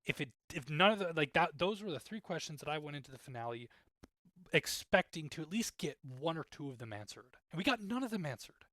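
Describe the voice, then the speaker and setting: A man giving casual, rambling commentary as a TV reviewer, growing exasperated and animated with many restarts. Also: fairly high pitch, brisk, no room sound. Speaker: TV show reviewer.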